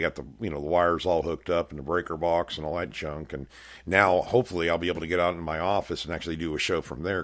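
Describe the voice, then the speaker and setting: Middle-aged male host, very low voice, folksy rambling storyteller, casual show chat. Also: fairly bright tone. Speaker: podcast host. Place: house room with bare walls.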